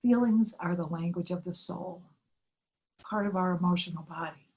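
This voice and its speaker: A woman's voice: on the low side, normal speed, bright, forceful tone. Middle-aged woman minister giving a sermon. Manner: earnest, storytelling with acted-out quotes.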